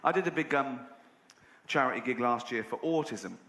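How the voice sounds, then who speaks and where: An English man doing stand-up, telling a story in a sardonic way and jumping up in pitch when he voices other people. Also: moderate pace, pushed and bright. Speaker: stand-up comedian. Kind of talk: stand-up routine. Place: large live venue. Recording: roomy live venue with audience noise.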